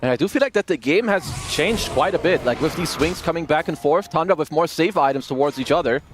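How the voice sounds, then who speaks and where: A man giving color commentary on an esports match, calmly explaining what the teams are doing. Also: a little high, a little fast, noisy background. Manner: relaxed analytical explanations. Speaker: esports analyst.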